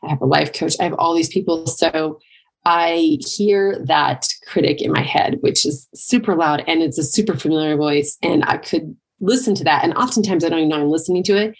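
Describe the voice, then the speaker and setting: A woman's voice: sits low, a little fast. A middle-aged woman, a triathlon and life coach, giving a conversational motivational talk full of "like" and "right?" asides. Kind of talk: motivational monologue.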